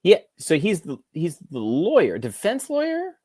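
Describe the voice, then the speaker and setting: A man's voice: sits high, wildly swooping pitch, measured pace, darkish tone, slightly rough, no echo, clean studio sound. A man co-hosting a podcast, chatting casually and tossing in wry asides. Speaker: podcast co-host. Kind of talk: casual chat.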